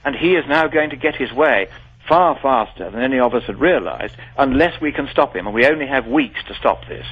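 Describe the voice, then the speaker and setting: A man's voice: mid-range voice, expressive, a little fast, breathy edge. A man being interviewed on the radio, speaking in an articulate, formal and emphatic way. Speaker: guest. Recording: dull lo-fi radio broadcast.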